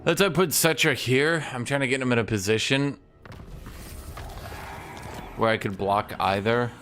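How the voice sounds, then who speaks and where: A man's voice: mid-range voice, measured pace, fairly bright tone, slight background noise. A man hosting a gaming video, chatting casually and profanely as he thinks aloud through his moves. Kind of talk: casual gameplay commentary.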